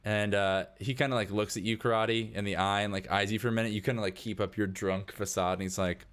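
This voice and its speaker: A man's voice: on the low side, fairly even intonation, fast talker, fairly bright tone, clean tone. A man narrating casually as game master of a tabletop game. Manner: casual, rambling with fillers.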